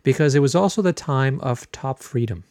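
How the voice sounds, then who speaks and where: A middle-aged man telling a personal story in a loose, casual way, often pausing on "uh" and "um". His voice sits at an ordinary male pitch. It is recorded close and dry, with no room sound. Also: no echo. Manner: relaxed, chatty, frequent filler words. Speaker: podcast host.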